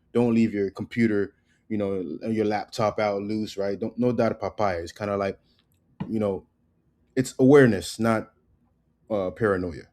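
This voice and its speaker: A man from the United States giving a casual spoken lesson on slang, relaxed and loose, repeating words slowly and often asking "right?". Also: on the low side. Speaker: language teacher.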